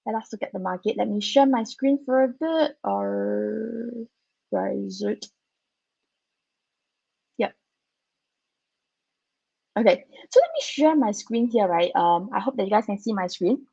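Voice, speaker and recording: A woman's voice: mid-range voice, lively intonation, a little slow, gravelly, long pauses, dark tone, breathy edge, no echo, highs cut off. A slightly groggy woman co-hosting a live stock-market stream, chatting casually and tagging her sentences with "right?". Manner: chatty, tags sentences with "right?", many fillers.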